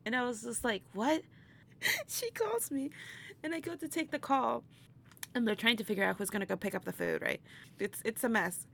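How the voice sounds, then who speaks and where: Gravelly-voiced woman telling a lively story. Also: a little high, a little fast. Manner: animated, laughs often, acts out quotes. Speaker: interview guest, burlesque performer. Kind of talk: casual storytelling chat.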